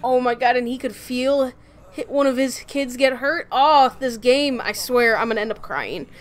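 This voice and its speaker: A woman playing through a video game, reacting out loud with emotional exclamations in casual commentary. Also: high voice, moderate pace. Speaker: let's play gamer.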